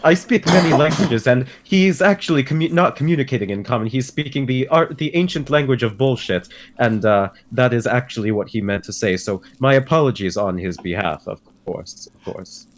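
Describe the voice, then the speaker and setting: A man speaks in character during a tabletop game. He talks smoothly and theatrically. His voice sits at an ordinary middle pitch. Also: fairly quick, few pauses. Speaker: player.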